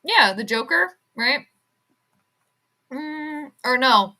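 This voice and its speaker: Here the host speaks very slowly in a high, expressive voice that's bright and forceful. She's running a laid-back stream covering sports and astrology, giggling and chatting with plenty of fillers as viewer comments come in.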